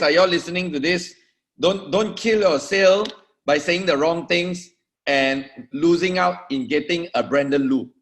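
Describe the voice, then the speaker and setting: A man with a somewhat high voice leads a motivational training. He is emphatic and talks straight to his listeners, repeating words as he drives each point home. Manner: emphatic, addresses the audience directly with repetitions. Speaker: network marketing trainer.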